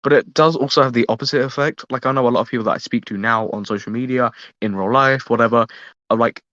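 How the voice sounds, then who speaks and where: Man, podcast host, halting and filler-heavy, dull lo-fi mic, dry close sound. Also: mid-range voice, fairly bright tone, no room sound. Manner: halting, filler-heavy, tags lines with "right?". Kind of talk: casual podcast interview.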